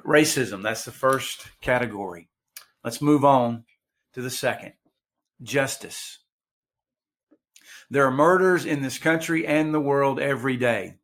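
Guy preaching real slow and deliberate, pausing a lot between phrases, sermon style. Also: mid-range voice, fairly bright tone. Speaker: pastor.

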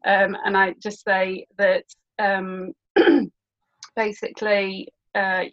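A woman's voice: medium pitch, fairly bright tone. Woman, podcast guest, chatty explainer, muffled remote sound. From born in England, raised in Birkenhead. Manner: chatty, explanatory, many fillers. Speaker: guest, humanist celebrant. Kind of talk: casual podcast interview.

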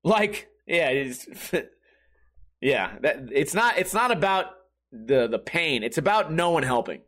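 A man's voice: a little high, very animated, slow pace, a bit bright. A man in his thirties in a profane, rambling monologue, swearing constantly and laughing between lines. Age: 30s.

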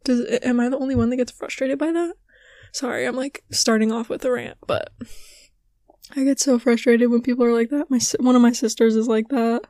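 A young woman hosting a podcast in casual chat, rambling with many fillers, her voice hoarse and giving out. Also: a little high, fairly even intonation, brisk, warm tone, dry recording. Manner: rambling, filler-heavy, ranting. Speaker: podcast host.

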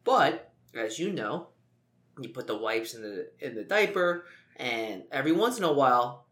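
A man's voice: medium pitch, big pitch swings, moderate pace, fairly bright tone. A man co-hosting a podcast, telling a long story in casual chat with jokes and lots of fillers. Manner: rambling, jokey storytelling with many fillers. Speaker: podcast co-host.

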